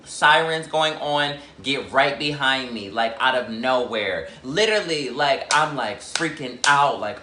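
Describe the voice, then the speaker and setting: A man telling a story for his vlog, chatty and animated, peppering his talk with "like". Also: medium pitch, unhurried, hardly any pauses, roomy sound, a little hiss or hum. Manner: chatty, heavy "like" fillers, animated retelling. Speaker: YouTuber.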